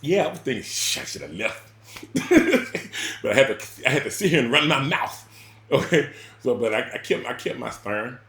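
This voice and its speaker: A man telling a personal story in casual spoken style, rambling and repeating words, with sudden loud bursts and quiet drops. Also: mid-range voice, lively intonation, fairly quick, echoey room.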